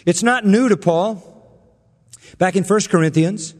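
Man, pastor, emphatic sarcastic sermon, slightly high voice, echoing church hall. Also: unhurried. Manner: sarcastic, emphatic preaching with rising intensity. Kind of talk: expository sermon.

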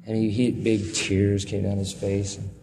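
Preacher man in a reverberant hall. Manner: animated, fast pitch jumps on questions, drops low for sad stories. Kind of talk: sermon. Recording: long reverb of a large hall.

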